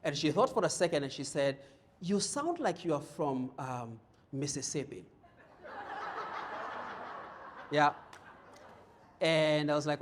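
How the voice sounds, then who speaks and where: A man's voice: a little high, animated, slow, pauses often, slight background noise. A middle-aged man from Kenya with a Kenyan accent, giving a humorous leadership keynote to a live audience, telling stories and often repeating words as he starts a thought. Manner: storytelling, jokey, repeats words when starting. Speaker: keynote speaker. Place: conference room with audience.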